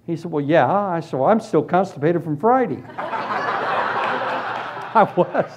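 A man preaching and giving his personal testimony, telling it as a lively story and acting out the other people in it. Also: fairly high pitch, measured pace, very noisy. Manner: animated storytelling, acts out voices. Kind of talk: testimony sermon.

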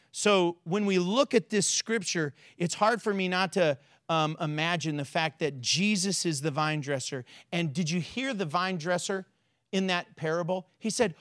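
A man preaching a sermon as a pastor in a church, animated and acting out quotes with big swings in his voice. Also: sits high, no room sound, studio quality.

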